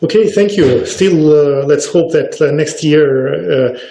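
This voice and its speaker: A man hosting an interview, speaking haltingly with many pauses and fillers. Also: on the high side, creaky, mellow. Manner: halting, slow, many uhs. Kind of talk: interview host wrap-up. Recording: echoey room.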